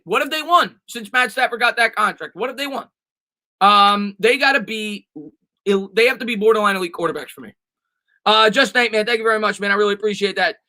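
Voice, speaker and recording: A man with a high, bright voice hosts a casual sports live stream and answers viewer comments. He talks emphatically and often restarts or repeats himself. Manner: fast and emphatic, with frequent restarts and repetitions.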